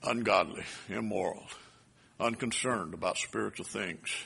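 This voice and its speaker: A man's voice: moderate pace, gravelly, breathy edge. Preaching man with a drawl. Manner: builds to loud emphatic peaks then drops low. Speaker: pastor. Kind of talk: sermon.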